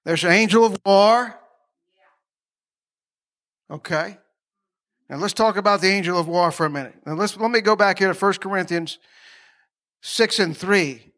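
A man's voice: high-pitched, normal speed, long pauses, a bit bright. A man preaching a sermon in a folksy, conversational way, with laughing asides and questions put to the congregation.

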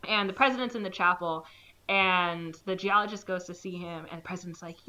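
Bright lively woman recapping a movie. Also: fairly low pitch. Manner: animated storytelling, acting out characters with quick quoted lines. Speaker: podcast co-host recapping a movie. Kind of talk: casual chat. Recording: slightly dull lo-fi recording.

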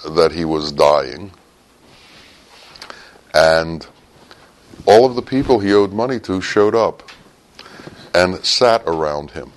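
A man teaching a sermon through a story, with sudden loud, high bursts breaking up his low, quiet telling. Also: poor audio.

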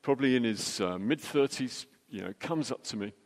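Brief: middle-aged male preacher, anecdotal and jokey, mid-pitched, long hall reverb. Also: animated, a little mellow. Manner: anecdotal and jokey, quick restarts. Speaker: church speaker. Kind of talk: storytelling sermon.

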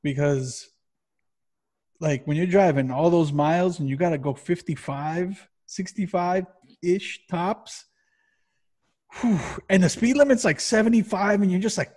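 A man co-hosting a podcast in casual chat, rambling and swearing constantly in an animated way. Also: on the high side, measured pace. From Massachusetts. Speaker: podcast co-host.

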